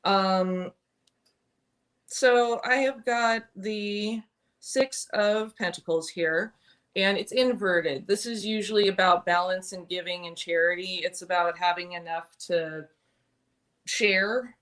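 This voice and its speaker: A woman giving a live-stream tarot reading, thoughtful and halting, with many pauses and restarts. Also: mid-range voice, fairly even intonation, a bit bright. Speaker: tarot reader.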